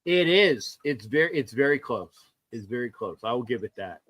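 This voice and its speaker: A man's voice: medium pitch, lively intonation, moderate pace, a bit bright, dry recording. An older man with a Southern US accent, co-hosting a sports podcast in an emphatic, rambling, folksy way. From southern United States. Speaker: podcast co-host. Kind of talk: casual sports podcast chat.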